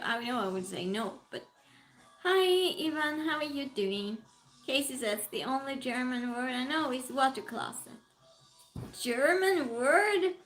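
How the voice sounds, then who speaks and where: A woman hosts a relaxed livestream, greeting her viewers by name and reading their comments aloud. Her voice sits high, and she takes her time with each thought, laughing often. Soft music plays faintly underneath. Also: rough recording. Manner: chatty and giggly, greets viewers one by one. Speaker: livestream host. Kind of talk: casual stream chat, reading out viewer comments.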